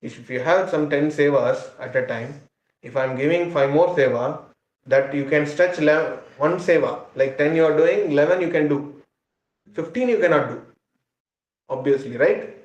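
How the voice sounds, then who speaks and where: Man, somewhat high voice, earnest spiritual class teacher, roomy dull recording. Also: moderate pace. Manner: earnest, conversational, asks listeners for agreement. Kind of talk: informal spiritual lecture.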